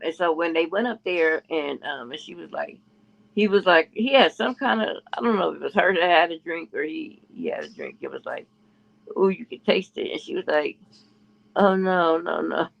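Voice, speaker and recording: A man with a fairly high, gravelly voice tells a rambling gossip story, jumping his pitch up whenever he quotes someone else. The sound is muffled and lo-fi. He keeps restarting his sentences in a loose, casual way. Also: a bit bright. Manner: rambling, restarts often, quotes others in a raised voice. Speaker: podcast co-host. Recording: muffled lo-fi audio.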